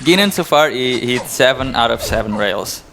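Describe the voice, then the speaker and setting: A male co-caster on a live esports broadcast, speaking at a middle pitch. He breaks down each play and sounds openly stunned when something wild happens. Steady noise runs under the stream audio. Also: normal speed, gravelly. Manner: analytical, incredulous at big plays. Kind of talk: live game commentary.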